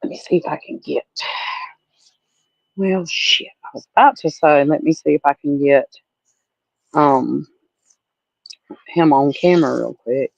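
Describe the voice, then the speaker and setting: A woman's voice: low voice, measured pace, creaky, pauses often, dry recording, highs cut off. A woman from Alabama with a Southern accent, chatting with viewers on a casual livestream, blunt and salty, calling people honey. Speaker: livestream host.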